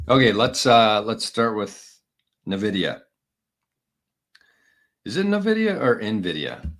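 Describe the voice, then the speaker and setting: A man hosting a casual solo show, talking in a chatty, opinionated way and often correcting himself mid-sentence. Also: on the low side. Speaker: podcast host.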